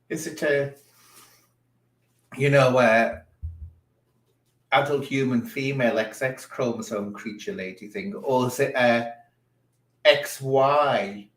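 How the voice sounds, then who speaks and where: Sarcastic man riffing in an echoey room. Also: medium pitch. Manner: sarcastic, theatrical. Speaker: streamer reacting to a video. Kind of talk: mocking reaction commentary.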